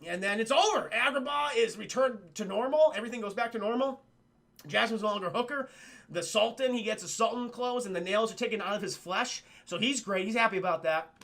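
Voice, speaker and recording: A man streaming a casual film recap to his live chat, excitable and profane, calling out to the chat often. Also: high-pitched, a little fast, vocal fry.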